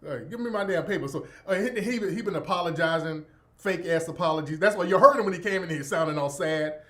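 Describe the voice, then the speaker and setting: A middle-aged man hosting his radio program tells a crude, lively story in an offhand monologue, laughing as he goes. He speaks fast in a voice that sits high.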